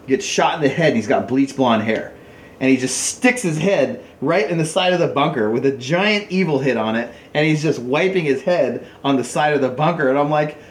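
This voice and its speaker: A man in an easygoing podcast conversation, telling long stories with plenty of fillers and self-corrections. His voice sits at a middle pitch and carries the roomy echo of an untreated space, with a faint hiss underneath. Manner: animated storyteller, jumps high when quoting people. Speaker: podcast guest, paintball player. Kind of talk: casual storytelling chat. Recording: echoey room with faint noise.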